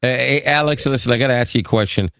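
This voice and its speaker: A man co-hosting a podcast in casual chat, excitable and quick to laugh, often repeating words. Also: mid-range voice, vocal fry, clear, resonant tone, no echo, studio quality. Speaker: podcast co-host.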